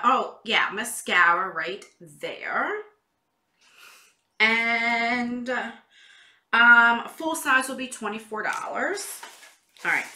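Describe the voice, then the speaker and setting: A woman's voice: a little high, sharp tone, roomy sound. A woman chatting through a beauty box unboxing in a casual vlog, a little stuffy from a cold. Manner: chatty, exclaiming over products.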